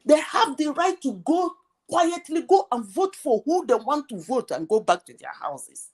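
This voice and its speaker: An emphatic woman holding the floor in a heated live debate. Her voice sits high and swings widely as she presses one rhetorical question after another. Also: big pitch swings, moderate pace. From Nigeria.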